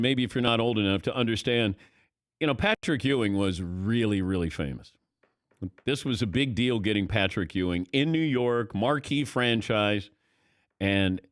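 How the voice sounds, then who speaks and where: A middle-aged sports radio host tells stories with a lively, swooping voice and acts out his own thoughts as he goes. The studio sound is dry and close. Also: mid-range voice, dry recording.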